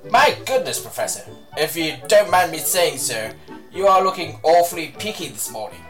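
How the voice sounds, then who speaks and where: A woman's voice: deep voice, sing-song, moderate pace, distant mic, faint music behind. A woman doing a prim fussy professor.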